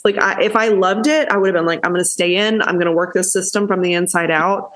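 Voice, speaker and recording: A woman hosting a podcast in casual chat, candid and quick to swear as she gets heated. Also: fairly low pitch, fairly bright tone. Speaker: podcast host.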